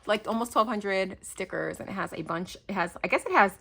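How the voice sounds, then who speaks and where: A woman in her thirties chatting casually as she opens craft mail at home, gushing and excitable with lots of fillers and gasps. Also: medium pitch, a little fast, gravelly, slightly rough. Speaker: crafting channel host. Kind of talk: casual unboxing chat. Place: home, near garage.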